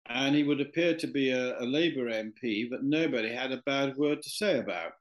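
A man's voice: medium pitch, a little fast, muffled recording. Rambling man telling a story. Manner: rambling, with many fillers and restarts. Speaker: interview guest. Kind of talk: anecdotal storytelling in conversation.

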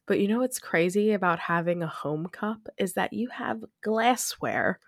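A woman's voice: mid-range voice, expressive, moderate pace, dry recording, studio quality. A young woman hosting a podcast alone, chatting in a rambling way with lots of "like" and frequent laughs. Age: young adult. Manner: rambling, laughs often, heavy use of "like". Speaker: podcast host. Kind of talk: casual solo chat.

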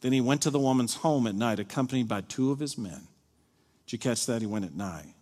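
A male pastor preaching a sermon, animated, acting out the people he quotes. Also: medium pitch, a little fast. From Kentucky. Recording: long reverb of a large hall.

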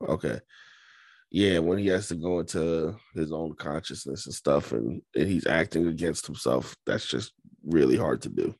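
A man co-hosting a podcast, chatting casually and poking at his co-host with skeptical, teasing remarks. His voice sits very deep, and the sound is dry and close. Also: moderate pace, creaky, darkish tone, breathy edge, dry recording. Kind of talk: casual chat.

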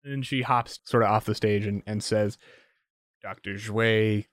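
A man narrating as game master of a tabletop game, speaking in a lowish voice. He hedges loosely as he describes the scene. The sound is dry and close. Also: steady tone, moderate pace, dry recording. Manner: loose, hedging with fillers.

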